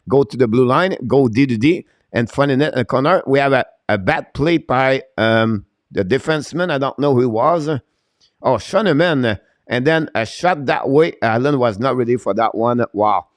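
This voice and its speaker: A man hosting a live-stream hockey play-by-play, talking in a rapid run of commentary in broken non-native English with many "uh" fillers and sudden jumps to excited shouting on scoring chances. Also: medium pitch, no room sound, studio quality. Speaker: play-by-play host.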